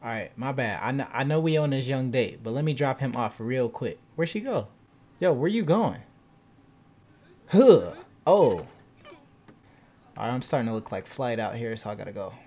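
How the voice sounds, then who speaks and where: A young man talks through a game in easy, slangy let's-play commentary. His voice is lively and bounces around a lot, and he often breaks into loud, excited shouting. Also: medium pitch, a little fast, slight background noise. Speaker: gaming channel host.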